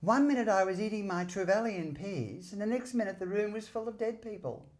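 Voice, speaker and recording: A man putting on a soft childlike high voice. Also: expressive, brisk. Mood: simple.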